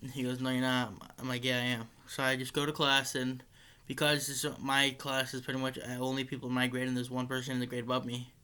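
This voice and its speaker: Bright-voiced teenage boy rambling on. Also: medium pitch, completely flat delivery, fast, clean tone. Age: teens. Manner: rambling, full of likes and restarts; swears casually. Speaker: high school student. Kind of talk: casual storytelling.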